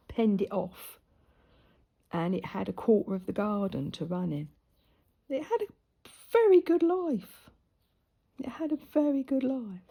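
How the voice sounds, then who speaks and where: A middle-aged sewing vlogger chats casually while she sews, rambling through stories and often slipping into whispered asides. Her mid-range voice is gravelly and mellow with a breathy edge, recorded by a camera close in front of her.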